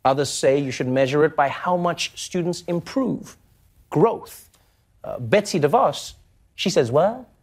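A man hosting a satirical late-night comedy show, delivering jokes in an animated style with laughing asides. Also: fairly high pitch, unhurried. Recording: studio audience laughter and noise behind. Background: audience laughter.

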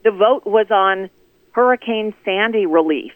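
A woman from Florida on a phone call, telling stories about local politics in a sarcastic, animated way. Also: medium pitch, a little slow, no echo. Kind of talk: casual political phone chat. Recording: tinny phone line.

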